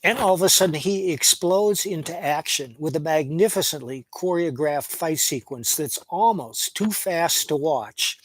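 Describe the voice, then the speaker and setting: A man's voice: a little high, a bit bright, no echo, poor audio. A man giving a casual, opinionated film review, speaking plainly as he retells the plot at length. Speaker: movie reviewer.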